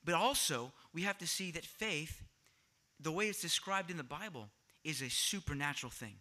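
A man's voice: on the high side, animated, moderate pace. A man preaching a sermon, explaining a word study to his congregation and asking them questions as he goes. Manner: teaching, asks the congregation questions, swings louder for emphasis. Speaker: pastor.

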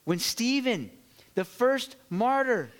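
A man preaching a sermon to his church, animated and swinging from loud bursts to hushed moments. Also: very high voice, slow. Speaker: pastor.

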